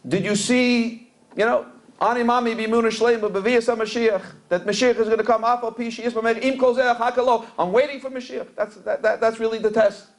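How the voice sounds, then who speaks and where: This middle-aged rabbi's voice is extremely high and steady, his pace a little fast. Telling stories in a Torah lecture at a community center event hall, he mixes Hebrew and Yiddish words into English and repeats himself while searching for a phrase.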